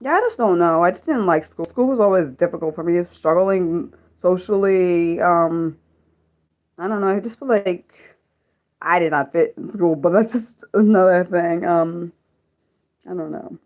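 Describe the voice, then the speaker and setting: A young woman chatting casually on a live stream, rambling and halting with many restarts and ums. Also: fairly low pitch, darkish tone.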